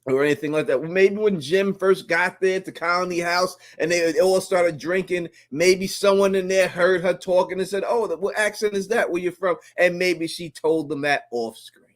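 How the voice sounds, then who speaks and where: A man co-hosting a live stream in casual chat, animated and slangy, laughing often. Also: high-pitched, moderate pace, few pauses.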